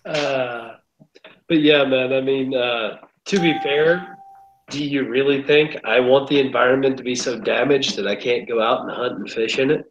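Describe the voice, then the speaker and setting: A man's voice: mid-range voice, normal speed, highs cut off, a little hiss or hum. Laid-back man in a roomy echo. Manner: laid-back, rambling, swears casually. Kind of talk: casual chat.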